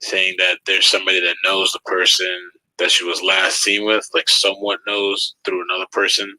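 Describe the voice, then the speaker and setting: A man's voice: deep voice, completely flat delivery, normal speed, pushed and bright, no echo, poor audio. A man co-hosting a casual livestream, talking in a hesitant, hedging way. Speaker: livestream co-host.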